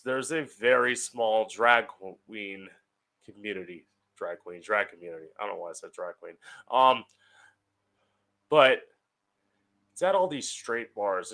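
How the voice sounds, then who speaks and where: Bright and forceful, the young host's mid-range voice carries a casual solo monologue recorded at home. He's chatty and sardonic, and the swearing flows freely.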